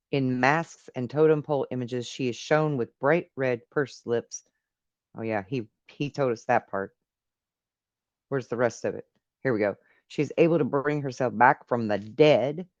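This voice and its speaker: Host reacting to a video with casual commentary and wisecracks as they read along. The sound is a little dull and lo-fi. The recording is dry, with no room echo. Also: mid-range voice. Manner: joking asides, reads text aloud with quips.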